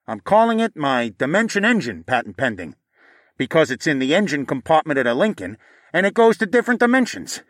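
A man's voice: fairly high pitch, very animated, a little fast, no room sound, studio quality, pitched above the performer's own voice. A man voicing a paranoid, foul-mouthed male inventor who rants and boasts in a recorded message. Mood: ranting. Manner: profane, boastful, ranting.

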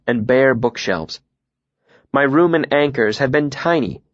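A man reading a first-person novel aloud in a calm, even, reflective way. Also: mid-range voice, no echo, highs cut off. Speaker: audiobook narrator.

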